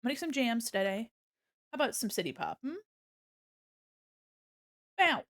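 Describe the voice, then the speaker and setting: Her voice is a little high and sing-song, bright-edged, at normal speed with frequent pauses. This young woman streams herself drawing from home, chatting casually into a desk mic on an arm, playful and rambling, slipping into hums and goofy noises; the sound is dry and studio quality.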